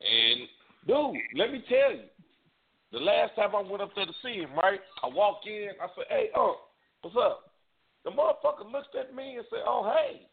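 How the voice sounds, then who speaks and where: A man's voice: high voice, very animated, moderate pace, gravelly, slightly rough. A man co-hosting a casual comedy radio chat, telling stories and acting out voices. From Indianapolis. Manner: storytelling, acts out voices in quotes. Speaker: co-host. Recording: lo-fi phone-like radio sound.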